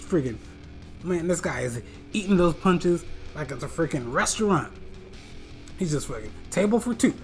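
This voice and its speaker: Hyped comedy recapper, slangy, shouts sound effects, faint music behind. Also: mid-range voice, lively intonation, normal speed. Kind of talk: comedic movie retelling.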